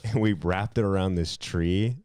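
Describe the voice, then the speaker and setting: A man's voice: low voice, measured pace, a little mellow, clean tone, no room sound, clean studio sound. A man co-hosting a podcast, telling a story in casual chat and laughing as he goes. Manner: laughs through his story. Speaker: podcast co-host.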